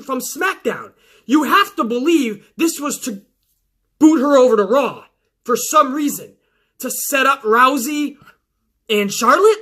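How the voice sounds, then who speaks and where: A man hosting a show, recapping wrestling in an excitable, heavily profane casual way. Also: very high-pitched.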